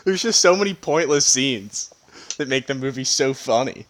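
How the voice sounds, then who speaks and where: A man's voice: mid-range voice, expressive, moderate pace, a bit bright, no room sound. A man co-hosting a podcast in casual chat, laughing often and retelling scenes with quoted lines over a video call. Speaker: podcast co-host.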